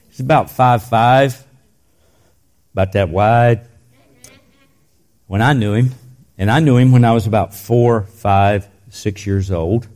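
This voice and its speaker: Older male pastor preaching softly. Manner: storytelling, dropping to soft intense lows. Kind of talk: sermon.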